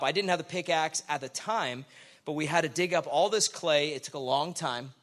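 A man's voice: a little high, bright, forceful tone. A middle-aged man, a pastor preaching a sermon full of chatty, self-deprecating stories.

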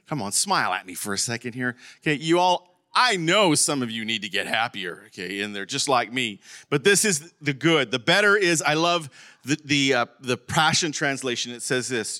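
Middle-aged male pastor with a bright, forceful voice who preaches with energy and keeps calling out to the congregation. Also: medium pitch, normal speed. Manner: animated preaching, calls out to congregation. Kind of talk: sermon.

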